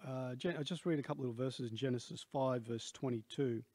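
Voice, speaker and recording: A man's voice: mid-range voice, fairly quick, dark tone, no room sound. A man in his sixties with an Australian accent, preaching a sermon in a rambling, conversational way with many asides. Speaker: pastor.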